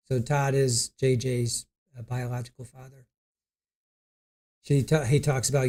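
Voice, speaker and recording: A man's voice: mid-range voice, little pitch movement, unhurried, pauses often, darkish tone. Man casually recapping court statements. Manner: conversational, many fillers and restarts, chuckles now and then. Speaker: live stream host recapping a court sentencing. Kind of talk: casual spoken recap, reading out quotes.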